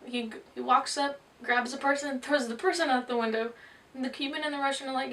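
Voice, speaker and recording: A woman interpreter tells jokes as she voices a signer, in a brisk storytelling manner. Her voice is fairly high with a gravelly edge. It is recorded from some distance. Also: steady tone, a bit bright. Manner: storytelling, brisk joke delivery. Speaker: sign language interpreter. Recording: distant mic.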